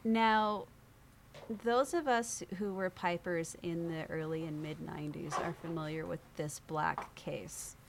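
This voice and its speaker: A woman guest on an interview show, telling a story in a lively way, acting out other people's voices and laughing often. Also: deep voice, a little slow, creaky, noisy background. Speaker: podcast guest.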